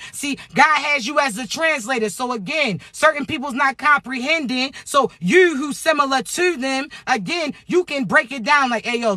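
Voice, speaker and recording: A man, talking loudly and bluntly about spirituality, cussing freely as he preaches. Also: very high voice, no room sound. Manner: loud, preachy, streetwise, frequent cursing. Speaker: spiritual vlogger. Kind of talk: casual spiritual talk to camera.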